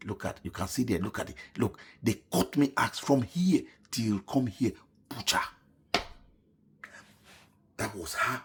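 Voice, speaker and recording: A man's voice: lowish voice, measured pace, pauses often. Man earnestly recounting his own story. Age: middle-aged. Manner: earnest, emotional retelling, often dropping to a hushed voice. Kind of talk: personal story told to camera.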